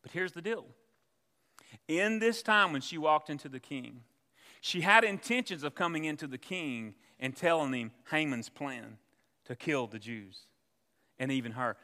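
A preacher in full sermon, his voice bright and forceful. He tells his stories like a storyteller, taking on the voices of the people in them. The sound carries long reverb, like a large church hall. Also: fairly high pitch.

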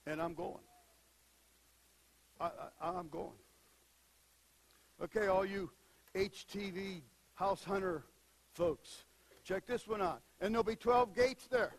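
A man preaching a sermon, moving between quiet asides and loud, emphatic bursts. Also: high-pitched, slow, long pauses, poor audio. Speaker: pastor.

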